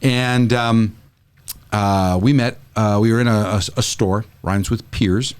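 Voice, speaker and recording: A man's voice: takes it slowly, clear, resonant tone. A middle-aged man from California telling a story in a casual podcast chat, acting out the people he quotes. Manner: animated storyteller who acts out quotes with big pitch jumps. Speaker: regular guest, the show's dad figure. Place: studio.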